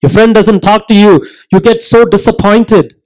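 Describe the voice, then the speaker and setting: A man preaching a sermon, earnest and emphatic, asking rhetorical questions and slowing down to stress his points. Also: sits high, a little mellow, poor audio.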